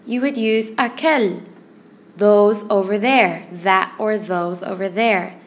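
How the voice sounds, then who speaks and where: A woman teaching a Spanish grammar lesson in English, explaining patiently and repeating word lists slowly. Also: medium pitch.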